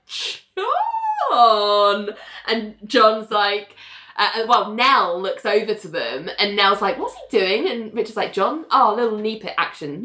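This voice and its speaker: A woman's voice: mid-range voice, bright, forceful tone, roomy sound. A woman co-hosting a casual podcast, retelling TV scenes and acting out the characters' lines. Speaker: podcast co-host recapping a TV episode. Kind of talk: casual chat.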